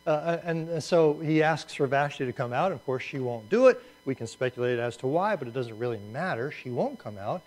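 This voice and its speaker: A man's voice: medium pitch, animated, brisk, few pauses, poor audio. A man teaching a Bible class in a conversational way, asking rhetorical questions and adding asides.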